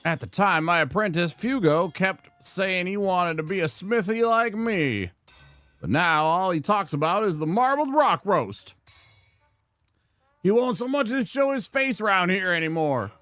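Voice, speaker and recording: Man voicing a gruff blacksmith creature, grumbling, old-timey, raised pitch, dry close sound. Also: animated, unhurried, a bit bright, no echo, faint music behind. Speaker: game character voice.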